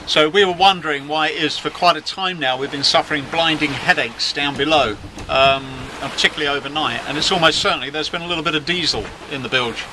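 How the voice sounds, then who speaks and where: A middle-aged yacht skipper talks quickly in a slightly high voice during a casual at-sea video diary. He's chatty and wry, poking fun at himself, with wind and waves audible on deck.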